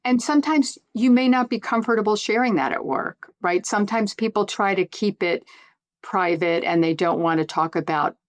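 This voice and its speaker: A woman's voice: medium pitch, normal speed, dry recording. A woman guest in an interview who speaks earnestly and encourages listeners directly. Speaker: sports media executive, guest. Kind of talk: conversational interview.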